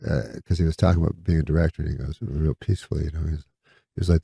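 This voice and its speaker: Man with a deep, husky, gravelly voice; rambling deadpan storyteller, dry close mic. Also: racing, no room sound. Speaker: guest comedian. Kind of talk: casual anecdote in an interview.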